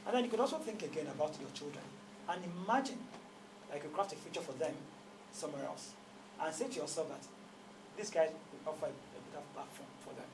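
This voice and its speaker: A man's voice: a little high, expressive, quick pace, noisy background. A man with a Nigerian accent, a guest speaking emphatically and asking rhetorical questions in his office. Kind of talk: conversational interview.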